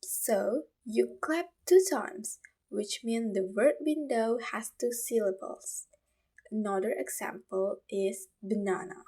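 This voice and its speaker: Speaking with an Indonesian accent in a warm, mid-range voice, this student walks through a class video lesson. She goes slowly and carefully, repeating examples as she explains.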